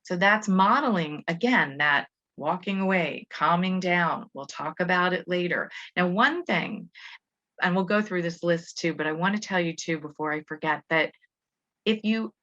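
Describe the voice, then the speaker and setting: A woman's voice: on the low side, moderate pace, fairly bright tone. Chatty woman educator, lo-fi sound. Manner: chatty, with frequent restarts and fillers. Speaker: Montessori school educator. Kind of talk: parenting talk to parents. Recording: dull lo-fi audio.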